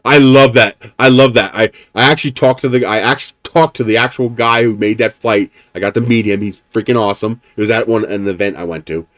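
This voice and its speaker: A man's voice: on the low side, steady tone, fairly quick, hardly any pauses, a bit bright, dry recording. A man live streaming, chatting casually and telling rambling stories, swearing now and then and chuckling often. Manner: chuckles often while talking. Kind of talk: casual chat.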